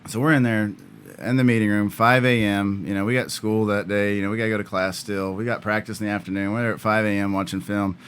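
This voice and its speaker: A man who is a guest on a podcast, telling old stories in a halting, filler-heavy way that often breaks into laughter. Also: lowish voice, little pitch movement, fairly bright tone, slight background noise. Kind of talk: casual interview chat.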